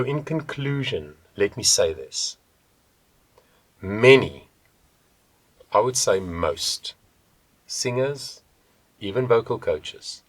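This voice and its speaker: A man teaching a voice lesson as a vocal coach, talking in a deliberate, emphatic way and stressing key words. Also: low voice, a bit bright, no room sound. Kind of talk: video voice lesson.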